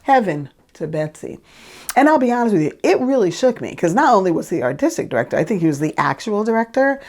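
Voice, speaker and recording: A woman's voice: mid-range voice, big pitch swings, fast, a little mellow. A woman singer casually telling a story about an audition, chatty with lots of fillers and restarts.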